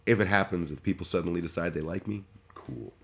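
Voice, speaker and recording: Brief: deep-voiced male streamer, casual, stop-start, self-deprecating. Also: quick pace. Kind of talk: casual livestream chat.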